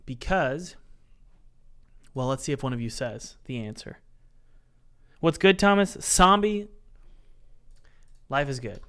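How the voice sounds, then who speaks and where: Guy streaming game dev, smooth clear voice, jokey, talks to chat while he works. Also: fairly high pitch. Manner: playful, jokey, chats directly with the live chat; talks himself through software steps aloud. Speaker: indie game developer and streamer.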